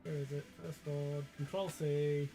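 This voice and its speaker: A man's voice: a little high, level tone, takes it slowly, music in the background. A man streaming live who chats casually, laughs often and swears freely as he talks to viewers. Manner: giggly and chatty, swears casually.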